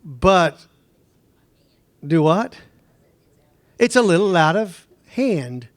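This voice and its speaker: Middle-aged man, Bible lesson lecturer; high-pitched, conversational, quizzes the room, dry close recording. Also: sing-song, very slow, no echo. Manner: conversational, digressive, asks the class questions. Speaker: Bible teacher.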